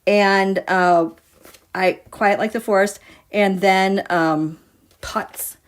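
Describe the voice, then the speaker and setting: A woman's voice: medium pitch, fairly even intonation, takes it slowly. A woman giving a casual tarot reading to her viewers, musing and dramatic as she talks through the cards. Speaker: tarot reader.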